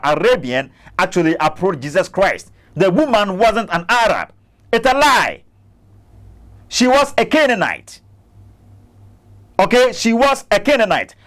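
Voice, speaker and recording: A man's voice: high-pitched, fairly bright tone. A man hosting a commentary channel, arguing against a clip he plays, stammering and repeating himself. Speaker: Christian apologist channel host.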